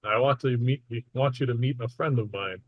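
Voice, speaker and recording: A sinister, taunting male villain, as a game master puts him on, calling out loudly from behind a wall. His mocking voice is loud and sneering, heard in a dry room. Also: medium pitch, moderate pace, dry recording, muffled recording, lightly acted.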